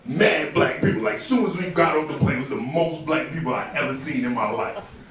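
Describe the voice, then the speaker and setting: A New York man performs profane stand-up on a club stage, animated and breaking into mock shouting. His voice is on the high side and fairly quick, heard over music from far off in an echoey club with a crowd.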